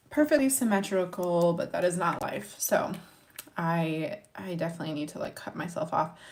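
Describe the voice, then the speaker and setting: A young woman from Montana chatting to her viewers in a casual makeup tutorial, encouraging and talking while she works. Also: fairly low pitch. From Montana, USA. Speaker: makeup vlogger.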